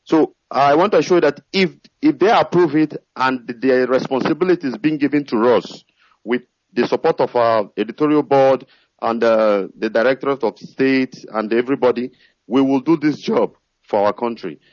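A man's voice: medium pitch, normal speed, no room sound. A man addresses a radio host, earnest and rambling. His voice is mid-range and dry, coming through a muffled, dull line. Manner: earnest, rambling, with many fillers. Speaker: caller. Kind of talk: radio call-in.

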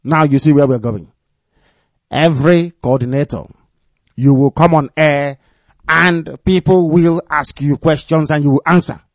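A man giving a live radio address to his followers as their movement leader. He speaks in a commanding, repetitive way and drops low and quiet when he gives warnings. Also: measured pace, no echo, lo-fi sound.

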